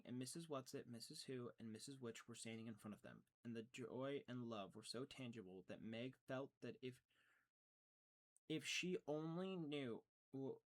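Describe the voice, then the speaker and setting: A man narrating an audiobook earnestly, stumbling and restarting now and then. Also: mid-range voice. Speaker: audiobook reader.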